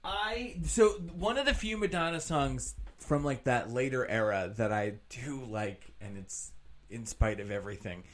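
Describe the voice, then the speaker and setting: A man's voice: mid-range voice, lively intonation, measured pace, a bit bright. A man co-hosting a podcast, chatting casually about a TV episode, swearing and joking with lots of fillers. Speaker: podcast co-host.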